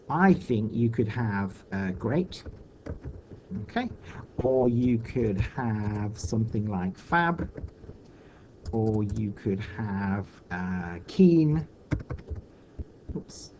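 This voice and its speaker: Male teacher, slow deliberate delivery, faint background hiss, patient and thinking aloud. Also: on the low side, mellow, highs cut off. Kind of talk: recorded online lesson for children.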